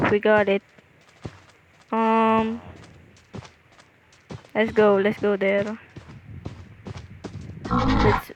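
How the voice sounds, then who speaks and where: A woman's voice: medium pitch, lo-fi sound, slight background noise. A young woman with a Filipino accent giving rambling, casual game commentary, often repeating and restarting phrases. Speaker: gaming video creator.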